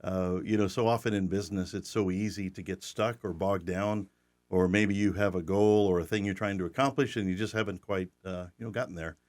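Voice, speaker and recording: A man's voice: sits low, steady tone, brisk, a little mellow. Folksy older man hosting. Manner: folksy, joking, restarts often. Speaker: podcast host. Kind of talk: casual podcast chat.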